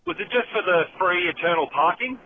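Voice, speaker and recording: A man's voice: high voice, expressive, brisk. A man with an Australian accent leaving a rambling voicemail to a podcast while driving, his sentences ending in a rising inflection. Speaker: caller. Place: in a car. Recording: tinny phone line with road noise.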